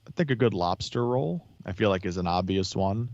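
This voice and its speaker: Man, podcast guest, very low voice, rambling delivery, muffled lo-fi mic. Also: animated, fairly quick, a little mellow, no room sound. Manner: rambling, with many restarts and fillers. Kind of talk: casual chat.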